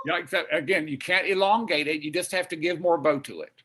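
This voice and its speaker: A man's voice: a little high, fairly quick, fairly bright tone, husky. A man coaching a young singer in a virtual master class, demonstrating phrases and encouraging her as he talks. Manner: encouraging, demonstrative, sings and speaks example phrases. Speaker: vocal coach and pianist. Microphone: video call.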